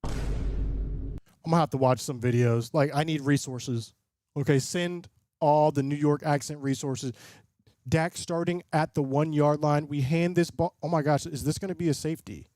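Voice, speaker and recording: A man doing live play-by-play commentary and reaction as a streamer host, excitable and often breaking into loud hype. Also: on the high side, normal speed, no room sound, studio quality. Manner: excitable, swings into loud bursts of call-style hype. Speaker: livestream host and sports fan.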